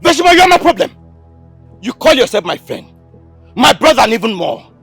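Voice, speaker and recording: A man's voice: very high voice, sing-song, fairly quick, creaky, breathy edge, no room sound, heavily acted. An actor with a Nigerian English accent playing a furious young man who feels betrayed by his friend. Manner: angry, accusing, shouting. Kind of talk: Nollywood film acting. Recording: film audio with background music.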